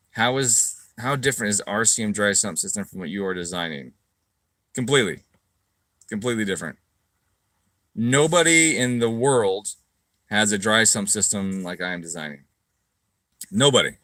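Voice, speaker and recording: Guy running a parts business, casual rant, lots of cussing, crisp bright tone, no room sound. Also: no room sound, studio quality. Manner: profane, ranting, mocks critics in shrill voices. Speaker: car parts business owner answering live chat. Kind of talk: casual livestream chat.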